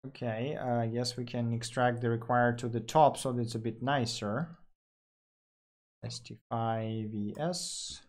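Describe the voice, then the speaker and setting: A man's voice: mid-range voice, steady tone, measured pace. A man talking through live coding on screen, thinking aloud with fillers and self-corrections.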